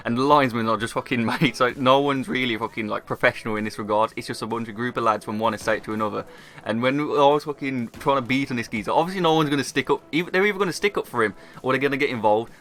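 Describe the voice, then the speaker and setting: Young Birmingham male storyteller, rapid sweary slang-heavy delivery, music bed underneath. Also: mid-range voice, bright, forceful tone. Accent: Birmingham English. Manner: swears constantly, slangy, fillers like "like" and "you know". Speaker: gaming YouTuber. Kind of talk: casual storytelling over gameplay.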